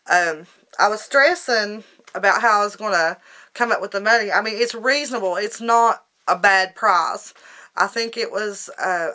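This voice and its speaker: A woman's voice: medium pitch, pushed and bright. A woman talking in a rambling, folksy, emotional way in a personal video diary. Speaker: vlogger.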